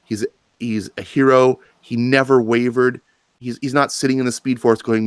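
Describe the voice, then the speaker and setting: A man on a comics discussion panel, arguing his view with animated emphasis and frequent restarts. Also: mid-range voice, moderate pace, clean tone, dry recording. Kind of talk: passionate live panel debate.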